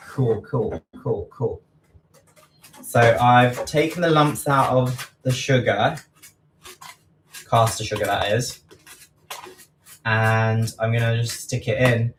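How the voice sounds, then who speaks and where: A chatty man with an East London accent talks through a live home baking stream, repeating measurements and poking fun at himself. His voice sits at an ordinary middle pitch. Faint noise and kitchen clicks run underneath. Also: steady tone, takes it slowly, long pauses. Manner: chatty, self-deprecating, repeats quantities aloud. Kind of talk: casual live baking chat.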